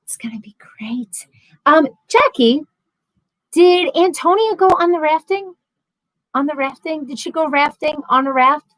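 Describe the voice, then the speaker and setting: A woman's voice: high voice, a little slow, a bit bright, no echo, low-quality recording. Chatty woman host, close dry mic. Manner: chatty, rambling, frequent ums and self-corrections. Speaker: livestream host. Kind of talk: casual live chat reading viewer comments.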